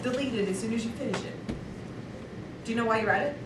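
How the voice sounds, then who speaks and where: A woman's voice: fairly high pitch, quick pace, background noise. A woman teacher giving a chatty, playful lecture to her class, recorded from far off in an echoey classroom.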